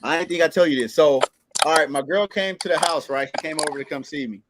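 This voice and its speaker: A man on a podcast telling a story in a casual, animated, profane way. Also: on the high side, quick pace, background noise.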